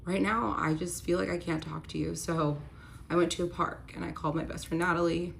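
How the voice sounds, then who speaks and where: A young woman with a low voice tells a personal story in a candid, confessional way, growing emotional as she goes. A faint hiss of noise sits under her voice. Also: steady tone, fairly quick, creaky.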